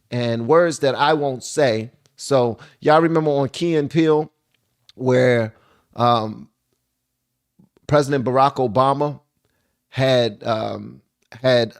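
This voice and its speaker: A man's voice: mid-range voice, no room sound, studio quality. Joking man reacting on mic. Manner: animated, joking, slangy. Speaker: reaction video host. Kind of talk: casual commentary. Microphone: desk microphone on a stand.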